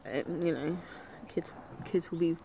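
A young woman with a British accent and London slang, telling a story casually, animated and swearing freely. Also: lowish voice, measured pace, slight background noise, rough recording. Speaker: vlogger.

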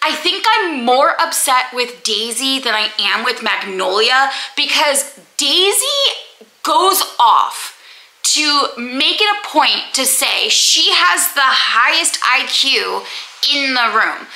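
A young woman reviewing books in a casual vlog, rambling and animated, with frequent "like" fillers. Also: sits high, slow pace, rough recording. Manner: animated, rambling, heavy use of "like". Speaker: book vlogger.

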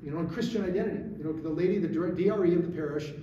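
A middle-aged man speaking to a gathering, an animated storyteller who drives his points home with emphatic rhetorical questions. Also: on the high side, racing, muffled recording. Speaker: guest speaker. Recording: echoey room, distant mic, faint hiss.

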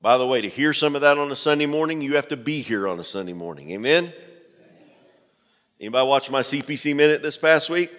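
A pastor preaches emphatically and directly to his congregation, repeating key phrases. His voice is mid-range and a bit bright, and the church sanctuary gives the recording a long hall reverb.

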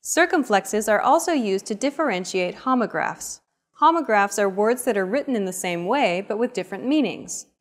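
A woman narrating a lesson, explaining grammar points in an even, scripted way. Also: mid-range voice, moderate pace.

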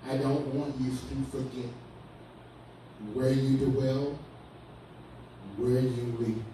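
A man giving a pastor's closing blessing at the end of an online service, earnest and gently urging, repeating his reassurances. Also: medium pitch, slight background noise. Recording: echoey hall from far off with music.

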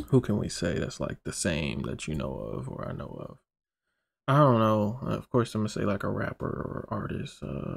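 A man's voice: fairly low pitch, gravelly, darkish tone. A man, rambling and swearing casually as he reacts to music videos and jokes with his viewers. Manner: rambling, profane, joking with viewers.

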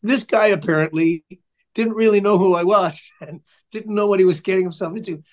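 Older male musician guest, high-pitched, loves to ramble through anecdotes. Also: brisk. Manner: chatty, rambling storyteller. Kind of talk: casual interview storytelling.

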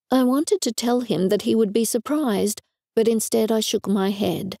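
A woman narrating a first-person audiobook in a wry, even storytelling manner on a close studio mic. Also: a little high, normal speed, creaky, no room sound.

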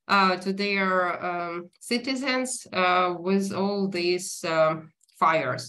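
A woman whose first language is Ukrainian, from Ukraine, giving an online lecture in a halting way with many fillers and self-corrections. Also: medium pitch, fairly bright tone. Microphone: video call.

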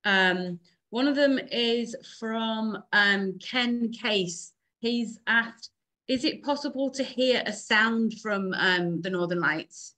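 A woman with a fairly high, bright voice hosts the session, reading questions slowly and hesitantly. She fills her pauses with "um.". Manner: hesitant, many "um"s. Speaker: Q&A host.

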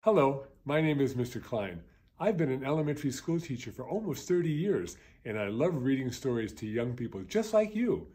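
A man in his fifties, a schoolteacher, reading a children's picture book aloud in a gentle, expressive storyteller's voice. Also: medium pitch, fairly quick, husky.

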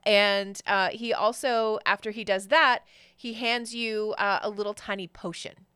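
A woman's voice: mid-range voice, fairly even intonation, measured pace, bright, forceful tone, smooth, no echo, studio quality. A woman narrating as game master, playful and giggly, with hesitant fillers.

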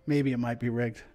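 A man's voice: mid-range voice, darkish tone. A man hosting a livestream in casual chat, laid-back and rambling, often laughing. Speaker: stream host.

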